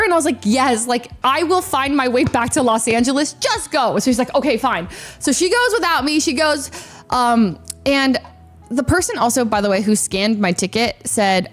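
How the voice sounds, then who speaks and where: Animated young woman telling a story. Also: sits high, moderate pace, soft background music. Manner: animated, lots of fillers and sound effects. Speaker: streamer. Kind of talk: casual storytelling on stream.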